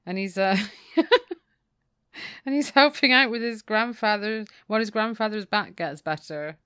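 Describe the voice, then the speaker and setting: A woman's voice: medium pitch, moderate pace, bright, forceful tone, clear, resonant tone, dry recording. A woman co-hosting a book podcast, recapping the plot and reading passages aloud with dry, mock-dramatic relish. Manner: reads quotes with dry, mock-dramatic relish, laughs often. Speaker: podcast co-host.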